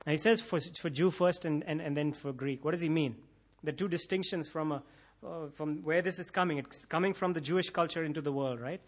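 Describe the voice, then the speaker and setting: A man's voice: on the high side, fairly quick. A man preaching a sermon, building to intense emphasis and repeating key phrases, sometimes acting out imagined prayers. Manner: acts out imagined prayers in quoted voices. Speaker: pastor.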